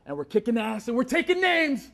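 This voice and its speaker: Man, wrestler, brash swaggering promo, high-pitched. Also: huge pitch swings, brisk, gravelly, fairly bright tone. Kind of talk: trash-talking promo.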